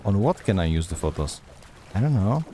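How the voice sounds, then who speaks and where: A man's voice: low voice, sing-song, brisk, dark tone, a little hiss or hum. A man streaming a horror game, chatty and sarcastic, talking back at the game as he plays. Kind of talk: gameplay commentary.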